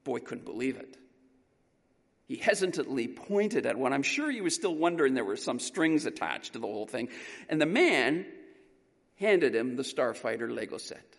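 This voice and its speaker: A man preaching a sermon through an animated, emphatic story. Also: medium pitch, moderate pace, creaky. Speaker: pastor. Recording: long reverb in a large hall.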